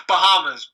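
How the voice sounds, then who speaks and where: A man's voice: on the high side, bright, forceful tone, breathy edge, rough recording. A man co-hosting a casual podcast, answering with dry, reasoned comebacks. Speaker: podcast co-host. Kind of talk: casual chat.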